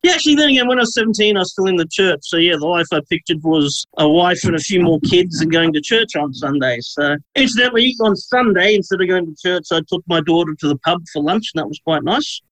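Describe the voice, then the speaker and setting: A man's voice: sits high, animated, quick pace, hardly any pauses, a bit bright, dry recording, low-quality recording. A man in his forties hosting a podcast, chatting casually with a joking, teasing manner. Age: 40s. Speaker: podcast host.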